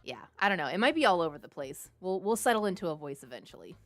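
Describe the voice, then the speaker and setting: A woman's voice: on the low side, big pitch swings, fast talker, hardly any pauses, no echo, faint music behind. A woman from Texas, chatting through a game for her viewers, jumpy and giggly. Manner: jumpy, giggly, talks to chat. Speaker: game streamer. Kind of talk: live game commentary.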